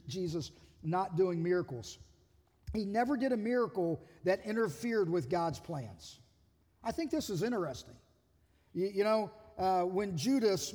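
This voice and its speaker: A male pastor delivers an animated sermon and acts out the voices he quotes, often stumbling and repeating words. His voice sits high for a man. A long reverb from the church hall trails after each phrase.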